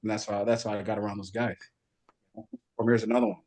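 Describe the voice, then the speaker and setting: A middle-aged man, a guest bodybuilder, telling lively backstage stories and imitating other people's voices in casual chat. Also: fairly low pitch, fast. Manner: animated storyteller, does voices of others. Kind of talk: casual storytelling.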